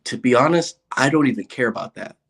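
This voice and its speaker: A man's voice: medium pitch, fast, gravelly, slightly rough. A man who is an interview guest, chatting casually and telling stories with lots of laughter. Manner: animated storyteller, laughs often. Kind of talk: casual chat.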